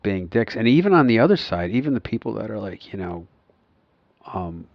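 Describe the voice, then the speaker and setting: A man in his fifties with a low voice talks in loose, rambling podcast chat, circling back with restarts and fillers. The sound is dull and lo-fi, dry and close to the mic. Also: big pitch swings, brisk, creaky, no echo. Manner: rambling, many restarts and "you know"s. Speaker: podcast co-host. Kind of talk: casual chat.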